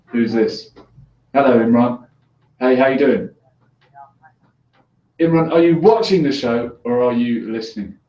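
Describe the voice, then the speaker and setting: A man's voice: mid-range voice, expressive, unhurried, long pauses, dark tone. A man hosting a call-in show, chatting casually with callers, joking and laughing easily. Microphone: headphones on, mic at a distance. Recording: echoey room, distant dull lo-fi mic.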